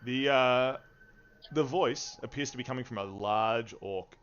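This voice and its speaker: A man narrating a tabletop game as game master, unhurried and easygoing, with frequent fillers and chuckles. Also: mid-range voice, a bit bright, a little hiss or hum. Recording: dull lo-fi stream audio.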